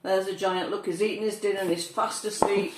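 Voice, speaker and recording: A woman reads a children's picture book aloud, gentle and coaxing as she points out the pictures. Her voice sounds echoey in the room. A faint hiss sits under it. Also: medium pitch, steady tone, a little fast. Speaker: storyteller.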